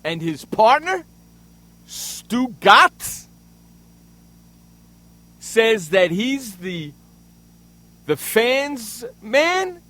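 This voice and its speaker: Loud ranting man with a high voice. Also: big pitch swings, very slow, long pauses. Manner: loud, angry, profane ranting. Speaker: radio host. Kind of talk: ranting sports radio talk. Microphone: studio microphone.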